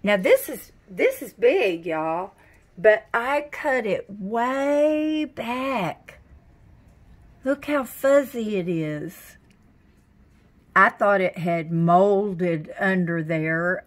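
A woman, chatting casually in a giggly, folksy way while filming a home vlog indoors. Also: mid-range voice. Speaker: vlogger.

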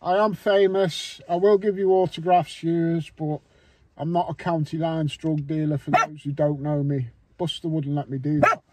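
A man's voice: fairly high pitch, steady tone, normal speed, background noise. A man with a Scouse accent talking casually to camera while driving, rambling and swearing a lot as he jokes with his viewers. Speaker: vlogger. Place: in a car, driving. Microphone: camera mounted on car window.

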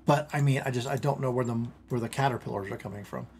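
A man casually commentating his strategy game stream at home, rambling, interrupting himself and getting excited over small things. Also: mid-range voice, fast talker, a little hiss or hum.

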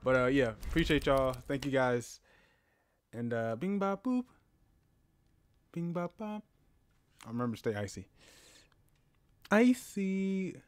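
A man casually commenting on a horror game as he plays, talking to his viewers and yelling when startled. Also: medium pitch, a little slow, pauses often, clear, resonant tone, no room sound. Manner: excitable, talks to viewers, yells at jump scares. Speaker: gaming channel host. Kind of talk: casual let's-play commentary. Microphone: headphones with a mic.

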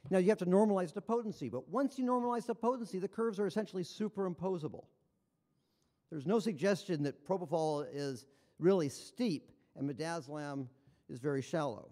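A man delivers a conference lecture, his voice sitting high. He sounds enthusiastic and conversational and drops wry asides. A long reverb trails off his words in the large hall. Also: brisk, mellow.

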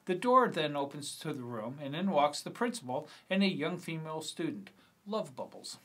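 A man's voice: fairly high pitch, very animated, normal speed, a bit bright, slightly rough. Middle-aged man reading his screenplay. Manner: casual reading with fillers and self-corrections. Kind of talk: screenplay read-through.

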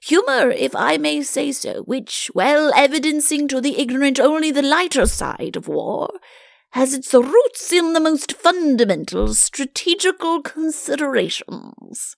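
A woman's voice: high-pitched, sing-song, unhurried, gravelly, no room sound, studio quality, voice pushed up, exaggerated voice. A woman voicing a pompous, quavering old male court chancellor in a storybook reading.

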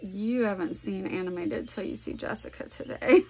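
A woman chatting casually while she works on a scrapbook layout at home. She is animated, thinks aloud and laughs often. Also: mid-range voice, measured pace, slightly rough. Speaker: scrapbooking vlogger. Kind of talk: casual chat while crafting.

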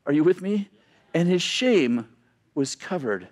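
Chatty pastor, man with a slightly high voice. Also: sing-song, a little slow, a little mellow. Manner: conversational storytelling with asides and self-corrections. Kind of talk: sermon.

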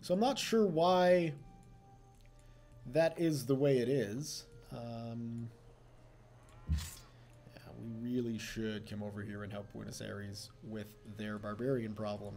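A man's voice: medium pitch, slow, gravelly, pauses often, dark tone, faint music behind. A young man casually commenting on his strategy game session, chatty and self-mocking, laughing often. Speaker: let's play host.

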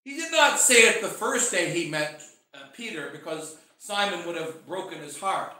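Bishop sermon: high, bright American man, impassioned and theatrical, echoing from a distance in a church. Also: expressive, normal speed. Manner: impassioned, acts out quoted voices, swings from loud to hushed. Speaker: bishop preaching. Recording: very echoey church, mic far off.

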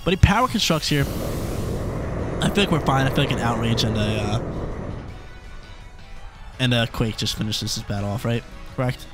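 Excitable man commentating a game battle. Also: mid-range voice, moderate pace, pauses often, music in the background. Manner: excitable, chatty, thinks out loud. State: coughing, throat irritated. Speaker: gaming channel host.

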